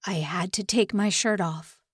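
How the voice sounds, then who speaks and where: A woman voicing a gruff North Korean man who barks orders but is kind underneath. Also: medium pitch, unhurried, dry recording, studio quality. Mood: apologetic.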